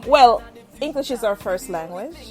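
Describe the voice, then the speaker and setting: A woman's voice: a little high, normal speed, music in the background. A middle-aged Jamaican woman with a Jamaican accent, hosting a casual interview and laughing often as she chats. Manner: laughs often, chatty and animated. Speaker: interview host.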